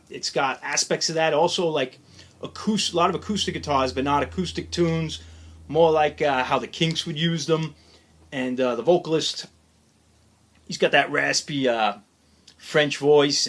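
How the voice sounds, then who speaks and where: A man who collects records, talking casually through his latest vinyl finds in a chatty, opinionated, rambling way. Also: a little high. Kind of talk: casual unscripted record haul chat.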